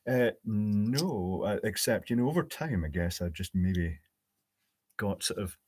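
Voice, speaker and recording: Low-voiced man thinking aloud at a workbench. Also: expressive, measured pace, darkish tone, husky. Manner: thinks aloud, dry joking asides. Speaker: electronics hobbyist host. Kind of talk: live-streamed workbench build, answering chat. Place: home electronics workbench.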